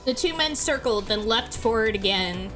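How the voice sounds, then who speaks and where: A woman's voice: on the high side, lively intonation, normal speed, music in the background. A woman playfully reading a visual novel aloud as a let's play host, often breaking into giggles. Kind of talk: narrating a visual novel, casual chat.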